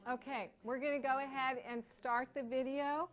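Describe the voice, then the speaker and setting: A woman presenting a teacher training session, talking in a relaxed way with self-deprecating humor. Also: high voice, normal speed. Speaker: professional development presenter. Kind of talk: casual workshop presentation. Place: school meeting room.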